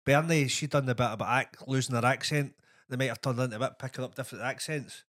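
A man's voice: medium pitch, fairly even intonation, quick pace, a bit bright. A man co-hosting a podcast in casual chat, blunt and sweary, saying "aye" a lot.

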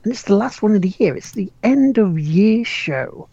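A man's voice: high-pitched, expressive, moderate pace, creaky, dark tone, no room sound, dull audio. A man hosting a gaming podcast in casual, joking, rambling chat. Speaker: podcast host.

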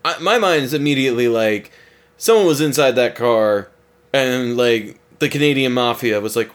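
A man's voice: medium pitch, normal speed, smooth. A man in casual podcast chat, spinning joking what-if scenarios. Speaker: podcast co-host.

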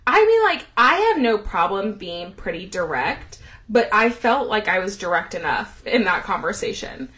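A woman co-hosting a casual podcast, laughing often as she recounts a story. Her voice sits at a middle pitch, and she talks in an animated, chatty way. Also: moderate pace. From US South. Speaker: podcast co-host. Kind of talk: casual chat.

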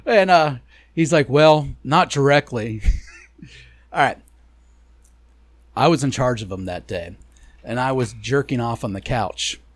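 A man's voice: medium pitch, lively intonation, a little slow, pauses often, dry recording. A man co-hosting a podcast, telling a crude story with lots of profanity and laughing through it. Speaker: podcast co-host.

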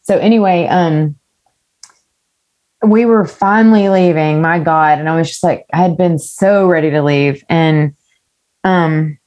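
A woman's voice: low voice, unhurried, a little mellow. Candid, rambling woman singer-songwriter. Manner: candid, rambling storyteller who swears freely. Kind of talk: casual interview chat.

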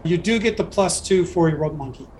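A man acting as game master of a tabletop game, explaining rules and narrating scenes in a relaxed way with frequent self-corrections. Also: a little high, fairly quick, music in the background.

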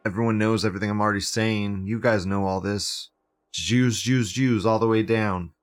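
A man's voice: lowish voice, steady tone, moderate pace. A man hosting a live show, reading chat aloud and ranting in a profane, sarcastic way. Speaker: livestream show host.

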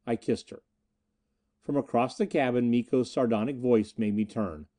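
A man narrating an adventure audiobook in the first person, reading in an expressive, dramatic way. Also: medium pitch, moderate pace.

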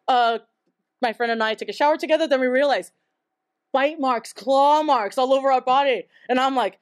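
On stage before a live audience, a young woman from Taiwan relays a story in a fairly quick, high-sitting voice. Her delivery is casual and chatty, heavy on "like" and punctuated by laughter.

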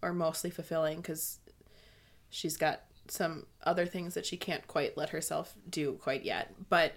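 A woman's voice: low voice, fairly even intonation, a little slow. Bubbly giggly woman podcast co-host. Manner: bubbly, laughs often, reads passages aloud. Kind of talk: casual book discussion.

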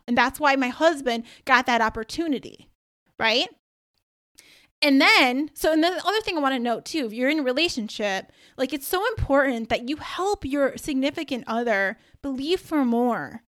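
A young adult woman hosting a faith-based podcast, telling a personal story in a casual, animated way with many fillers, then preaching with growing energy. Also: high voice. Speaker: podcast host and career coach.

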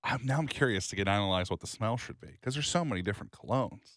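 A man's voice: on the low side, fast talker, no echo, clean studio sound. A young man co-hosting a podcast in casual chat, rambling and joking as he tells stories. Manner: animated, rambling, joking storyteller. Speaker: podcast co-host.

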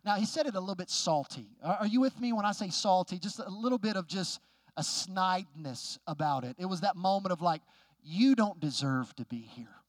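A preacher man with a high, bright voice talks straight to his congregation, candid and a little wry. He pushes loud and high when he drives a point home, then sinks low and quiet to tell a story. The sound is close and dry, with no room echo. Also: a little fast. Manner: candid, conversational, asks the crowd questions. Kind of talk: sermon with a personal story.

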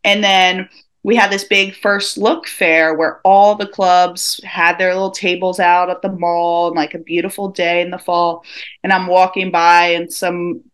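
A woman talking casually as a guest, lively and laughing often as she acts out quoted remarks. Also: mid-range voice, unhurried. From United States. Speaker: guest, rugby commentator. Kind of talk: casual interview chat.

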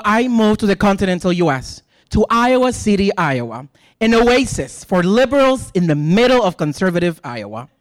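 An impassioned sermon from a Puerto Rican-accented man in his thirties whose first language is Spanish. His voice swings widely in pitch as he leans on rhetorical questions and emphatic repeats. The sound is dry and close, with no room around it. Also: no echo. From Puerto Rico. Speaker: lay preacher addressing a congregation.

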